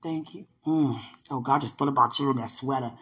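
A woman chatting on a faith podcast call. She swings between hushed murmurs and loud, laughing outbursts, and keeps telling herself to calm down. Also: extremely low pitch, a little fast. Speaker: podcast co-host. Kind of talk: casual faith chat on a call.

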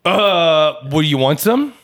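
A man's voice: on the high side, unhurried. A man playing a giddy, rambling drug user. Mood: excitable. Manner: excitable, laughing, rambling. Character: wild, giddy male drug user dressed as a president. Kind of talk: improvised comedy sketch.

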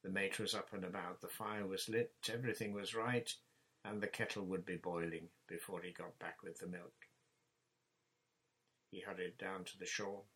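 A man narrating a children's story chapter in a measured, plain reading voice. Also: low-pitched, little pitch movement, a bit bright, husky, rough recording. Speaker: audiobook narrator.

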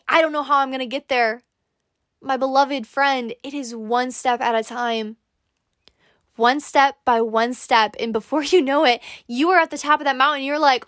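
High-voiced earnest woman podcaster. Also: fairly bright tone, dry recording, clean studio sound. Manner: earnest, encouraging, addresses listener directly. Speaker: podcast host. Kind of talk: motivational monologue.

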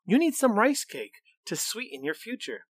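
A man voicing a clever, brave little girl who speaks quickly and eagerly, coaxing a monster in a storybook. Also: high voice, huge pitch swings, no echo, studio quality, pitched above the performer's own voice, exaggerated voice. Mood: urgent.

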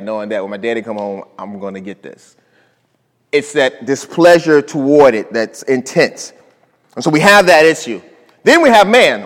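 Male pastor, mid pitch, preaching with big loud-soft swings; hall reverb. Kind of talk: sermon.

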